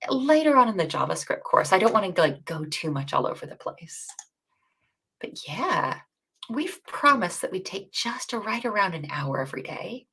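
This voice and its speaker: Animated co-host, woman, gravelly and expressive, chatty teacher. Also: mid-range voice. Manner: chatty, animated, self-deprecating, quick asides. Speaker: bootcamp co-host. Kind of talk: casual livestream teaching chat.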